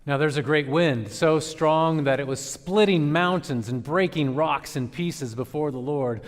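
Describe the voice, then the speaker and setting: A man preaching a sermon as pastor, with dramatic swings between loud emphasis and quiet, slowed phrases. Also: on the high side. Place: church sanctuary. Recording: long reverb of a large church hall.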